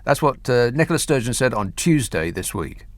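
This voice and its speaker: A man's voice: medium pitch, big pitch swings, normal speed, no echo. A man hosting a radio phone-in, delivering mocking political commentary. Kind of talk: talk radio monologue and phone-in. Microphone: studio microphone.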